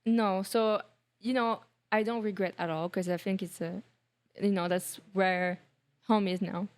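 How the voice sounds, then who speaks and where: A woman with a French accent speaks as a podcast guest, relaxed and thoughtful. She uses plenty of casual fillers, and her voice sits at an ordinary middle pitch. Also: a little slow. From France. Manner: relaxed, reflective, many fillers. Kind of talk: casual interview chat.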